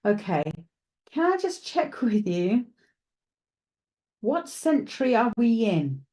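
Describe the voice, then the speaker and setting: A woman giving a live psychic reading. She chats with her viewers and thinks out loud as she works. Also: fairly high pitch, sing-song, slow. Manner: chatty, thinks aloud, addresses viewers directly; hesitant, with frequent restarts while working things out. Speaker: psychic medium. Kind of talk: live streamed mediumship reading.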